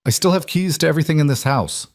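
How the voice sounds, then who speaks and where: A man reading the lines of a calm, cultured female assassin who taunts her target. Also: a little high, quick pace, no room sound, clean studio sound, voice pushed up. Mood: taunting.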